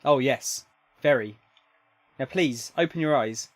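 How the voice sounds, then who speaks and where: A man voicing an earnest, polite male lab assistant who gently pleads. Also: mid-range voice, measured pace, dry recording, close to an everyday voice. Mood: pleading.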